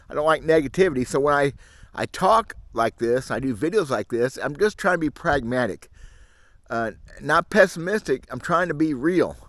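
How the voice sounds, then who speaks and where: Out in the woods, a middle-aged man who hosts a fishing channel grumbles and rambles candidly in a casual monologue to his camera mic. He has a mid-range, slightly bright voice with no echo.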